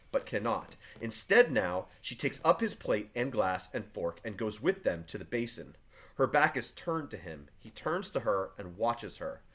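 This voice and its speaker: Man reading stage directions with a varied pitch. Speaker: teacher.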